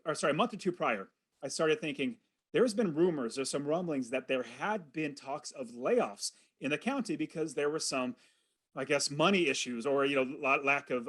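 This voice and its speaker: A man's voice: on the high side, a bit bright. A middle-aged man, a podcast guest, earnestly telling a personal story and acting out his own thoughts as he goes.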